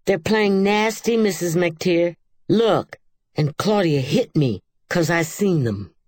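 A woman voicing a smug neighbor girl who hollers and tattles in a high, loud voice. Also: slow, dry recording, clean studio sound. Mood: tattling.

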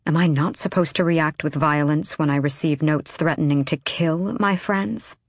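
A woman's voice: deep voice, moderate pace, dry recording, clean studio sound. A woman reading the part of a cold, defiant young woman assassin with a cutting, sardonic manner. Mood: bitter.

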